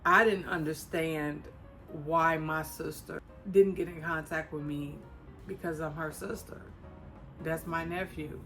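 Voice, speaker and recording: Low-voiced woman from Chicago holding back tears. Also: fairly even intonation, measured pace, fairly bright tone, faint music behind. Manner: emotional, fighting back tears, talks to viewers as "y'all". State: close to tears. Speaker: vlogger. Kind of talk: casual personal talk to camera.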